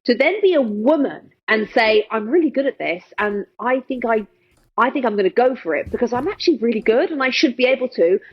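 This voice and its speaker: A woman's voice: on the high side, animated, a little fast, slightly rough. Earnest English woman, slightly dull audio. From England. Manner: emphatic, earnest, repeats words for stress. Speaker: sports television host, podcast guest. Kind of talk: casual interview chat.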